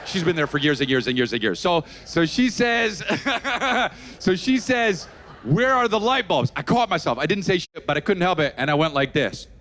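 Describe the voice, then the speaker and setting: A man doing a stand-up comedy set, ranting loudly and swearing a lot. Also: fairly high pitch, moderate pace. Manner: loud, animated ranting with swearing. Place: comedy club stage.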